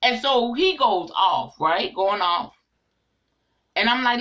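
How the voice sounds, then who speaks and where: A middle-aged woman giving a casual spiritual monologue to her viewers, animated and preachy, speaking straight to the audience. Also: on the high side, slow, muffled recording. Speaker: online inspirational speaker.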